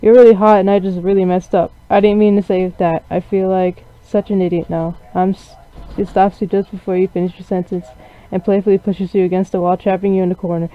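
A man's voice: high voice, level tone, a little fast, smooth. A man reading a game story aloud with sarcastic, mocking asides, as a gaming channel host. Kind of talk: reading a visual novel aloud with commentary. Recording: dry, dull lo-fi recording.

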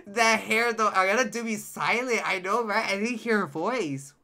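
A man streaming a game live, reacting with loud, excitable outbursts and teasing his chat. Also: high-pitched, normal speed. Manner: addresses chat directly, playful teasing. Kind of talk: live gameplay commentary.

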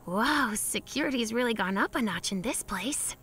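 A woman voicing an eager female yeti filmmaker in a kids cartoon, talking in a lively, excitable way. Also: on the high side, normal speed, close to an everyday voice. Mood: excited. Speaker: cartoon character. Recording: cartoon soundtrack with music.

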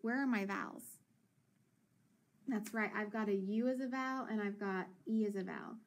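A woman teacher leading a children's phonics lesson, encouraging and sounding out words slowly. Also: medium pitch.

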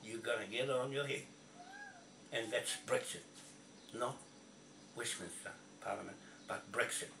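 A man's voice: medium pitch, unhurried, gravelly, long pauses, sharp tone. A man ranting angrily to camera, swearing and repeating himself in a confrontational way. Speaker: video blogger. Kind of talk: angry rant to camera. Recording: echoey, from a distance, faint noise.

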